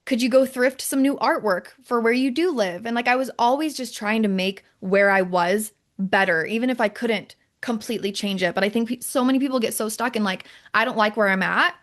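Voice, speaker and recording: A young adult woman hosting a podcast, talking in an animated, casual way with lots of fillers. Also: on the high side, fairly quick, hardly any pauses. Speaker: podcast host. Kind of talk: casual chat.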